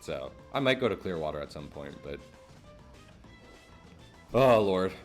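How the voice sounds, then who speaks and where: A man's voice: deep voice, lively intonation, measured pace, faint music behind. A man from New Jersey streaming live in a casual chat, rambling, laughing often and swearing now and then.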